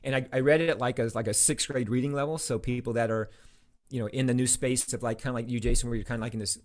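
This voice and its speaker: Male interview guest, quick and enthusiastic, loose rambling storytelling. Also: medium pitch, fairly even intonation. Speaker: podcast guest, author. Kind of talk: casual interview chat.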